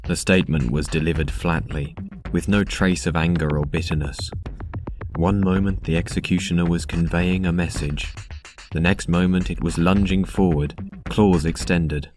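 A man reading a dark story aloud in a measured, even narration. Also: sits low. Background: synth music.

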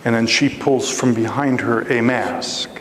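A man preaching a storytelling sermon as guest preacher, animated and acting out the voices in his story. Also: measured pace, roomy sound, in a large hall, slight background noise, low-quality recording. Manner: animated, acts out voices with big pitch jumps. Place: church sanctuary.

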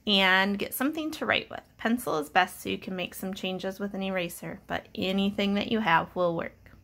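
A woman teacher giving a patient, encouraging reading lesson, sounding out letters slowly for young children. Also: medium pitch, gravelly, fairly bright tone. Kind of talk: slow, clear early-reading lesson.

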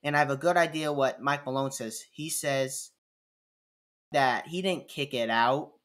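A man talks viewers through basketball clips in a loose, casual commentary voice. He is chatty and tends to repeat himself as he goes over replays. His pitch sits right in the middle for a man. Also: a little slow, fairly bright tone. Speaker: sports commentator.

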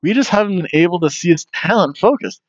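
A man's voice: sits high, lively intonation, quick pace, no room sound, highs cut off. Man rambling through a wrestling recap. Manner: rambling and jokey, with many fillers and restarts. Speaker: podcast host reviewing wrestling. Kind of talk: casual wrestling review monologue.

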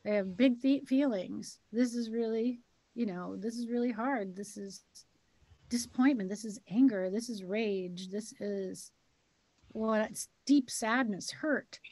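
A woman's voice: fairly high pitch, unhurried, darkish tone, no echo, poor audio. A woman co-hosting a casual heart-to-heart chat, telling stories with emphatic, repeated key words. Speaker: co-host.

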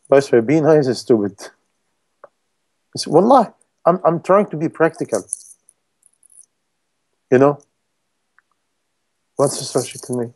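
Male preacher with a mellow, warm tone, broken English sermon delivery that acts out quoted people. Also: fairly high pitch, sing-song, normal speed, long pauses. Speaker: Islamic preacher.

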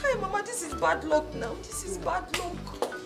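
A woman's voice: very high voice, lively intonation, normal speed, vocal fry, loud music behind the voice, exaggerated voice. An actress with a Nigerian accent playing a young woman in a film drama who wails and pleads with her father. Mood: lamenting. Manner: wailing, pleading. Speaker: grieving daughter. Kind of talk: Nollywood film acting.

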